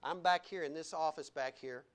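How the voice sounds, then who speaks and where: A male pastor with a lilt delivers a lively sermon. His voice swings from low, quiet asides to bright, loud declarations, broken by laughing remarks. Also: moderate pace. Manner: animated, laughing asides, wide swings in pitch and loudness.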